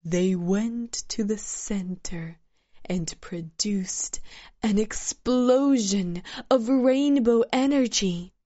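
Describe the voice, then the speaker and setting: Woman, storyteller, scripted narration, very slow, measured, earnest, dry dull recording. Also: mid-range voice, warm tone, no echo.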